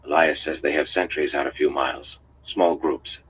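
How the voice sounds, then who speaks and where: A grim, stubborn young leader mutters thickly, as a narrator with a very deep voice reads him. The sound is dull and lo-fi. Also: male voice, steady tone, moderate pace, fairly bright tone, slightly rough, full character voice.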